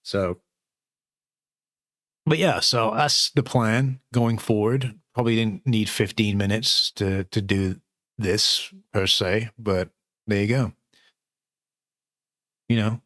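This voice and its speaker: A man's voice: lowish voice, steady tone, slow pace, pauses often, a bit bright, no echo, studio quality. A man, hosting his new channel in rambling, sweary casual chat from home.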